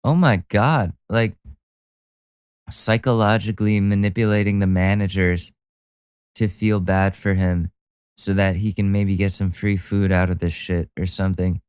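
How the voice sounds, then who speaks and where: Male podcast host from Connecticut, casual profane rant, low resonant voice, dry booth sound. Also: a little slow, clean tone, dry recording. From Connecticut, USA. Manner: loose, profane, animated ranting with filler restarts. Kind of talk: casual ranting commentary.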